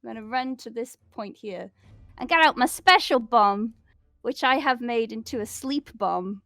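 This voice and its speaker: A woman's voice: fairly high pitch, animated, moderate pace, pushed and bright, no room sound. A woman playing a tabletop game over a call, chatty as she explains the rules of her turn. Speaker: player. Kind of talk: casual tabletop play.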